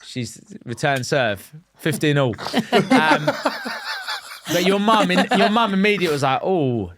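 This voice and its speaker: A man's voice: on the high side, big pitch swings, measured pace, background noise. Wry man podcast host. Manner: wry banter, teasing. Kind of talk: casual chat. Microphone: studio mic, close.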